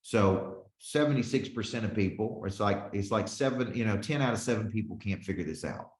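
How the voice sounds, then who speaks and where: A man's voice: lowish voice, brisk, roomy sound. A man in his forties, a business coach teaching a live webinar with lots of energy, calling on listeners by name and often checking in with "okay?". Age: 40s.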